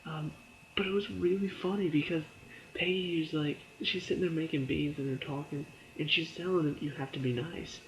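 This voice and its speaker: Here a man whose voice sits on the high side chats about a TV episode at normal speed and with fairly even intonation, using plenty of fillers. As he recounts scenes he laughs and briefly performs characters' quoted lines. Slight background noise and poor audio quality are present.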